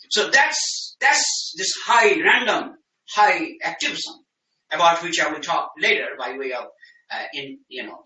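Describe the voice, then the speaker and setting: Sharp-voiced man lecturing from afar. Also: sits high. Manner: emphatic, dense academic phrasing with frequent restarts. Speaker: professor giving a lecture. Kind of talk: academic lecture. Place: lecture room. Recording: roomy, distant mic in a lecture room.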